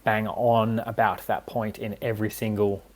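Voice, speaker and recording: A man's voice: lowish voice, level tone, normal speed. A man speaking as a relationship coach and podcast guest, earnest and explanatory, often checking in with his listener. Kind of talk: casual podcast conversation.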